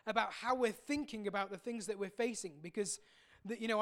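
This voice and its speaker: A man preaching a sermon as a pastor, earnest and reflective, pausing often and repeating words as he speaks. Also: very high voice, a bit bright.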